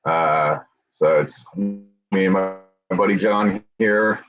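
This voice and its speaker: A man's voice: deep voice, slow, music in the background. A man hosting a casual motorcycle talk show, speaking in an easygoing way full of fillers. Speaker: podcast host. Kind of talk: casual chat. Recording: dull lo-fi sound.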